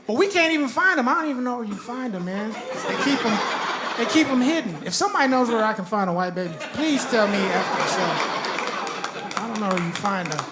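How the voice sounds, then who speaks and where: Male stand-up comic, animated, slips into character voices; roomy live venue, noisy crowd. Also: very high voice, a little fast. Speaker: stand-up comedian. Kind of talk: stand-up comedy set. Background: loud audience laughter.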